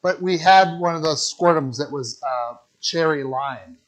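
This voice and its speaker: A man's voice: fairly high pitch, unhurried, noisy background. A man co-hosting a casual cooking podcast at home, telling jokes and laughing often. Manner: joking storyteller, laughs often. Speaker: podcast co-host. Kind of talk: casual chat while cooking. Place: home kitchen.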